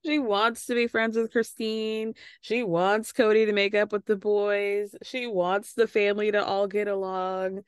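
A woman's voice: medium pitch, steady tone, slow, clear, resonant tone, dry recording. A woman hosts a reality-show recap podcast in a casual, mocking tone, swearing freely and laughing along. Her voice sits mid-range and comes through dry and close, with no room sound. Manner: snarky, swears, laughs often. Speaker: podcast host.

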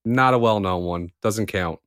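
A man's voice: on the low side, moderate pace, fairly bright tone, smooth, no echo, faint music behind. Stubborn, argumentative man in a dry room. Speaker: podcast co-host. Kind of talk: casual chat.

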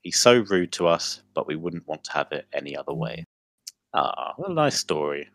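A man's voice: very deep voice, big pitch swings, moderate pace, dry recording, studio quality. A young man co-hosting a podcast, reading a funny news story aloud in casual chat and often breaking into laughter. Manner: giggly, breaks into loud laughter while reading. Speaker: podcast co-host.

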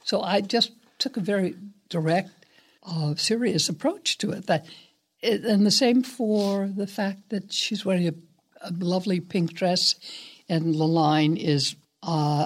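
An older woman, a guest actress, telling stories in an interview in a reflective, unhurried, somewhat hesitant way. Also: lowish voice, breathy edge. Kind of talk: interview storytelling.

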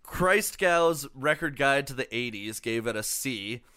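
A man's voice: medium pitch, lively intonation, unhurried, sharp tone, clear, resonant tone, no echo. A young man co-hosting a casual album review podcast, swearing a lot and rambling with fillers. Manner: profane, rambling, lots of fillers. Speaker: podcast co-host.

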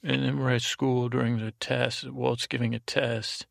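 A man's voice: mid-range voice, flat delivery, unhurried, creaky, no room sound, studio quality. A man hosting a sleep podcast, recapping an episode in a meandering, digressive way with many fillers and restarts. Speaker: podcast host.

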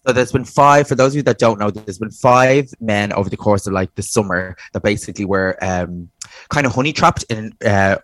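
Animated Irish man telling stories. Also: lowish voice, fairly quick, no echo. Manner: animated storyteller, acts out quotes, laughs often. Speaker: podcast co-host, drag performer. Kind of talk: casual chat.

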